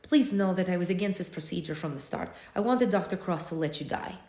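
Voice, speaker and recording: A hoarse woman voicing a secretive, guilt-ridden female nurse in a plain read-aloud, low-key and earnest. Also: fairly quick, dark tone, natural voice. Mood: grave. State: hoarse, losing her voice. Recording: roomy echo.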